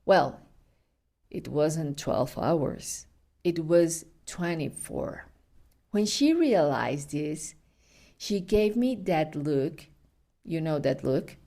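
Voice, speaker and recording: A woman hosting a food podcast, telling stories in a chatty, unhurried way, sometimes laughing and correcting herself. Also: sits low, animated, warm tone. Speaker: podcast host. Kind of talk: casual food podcast with storytelling.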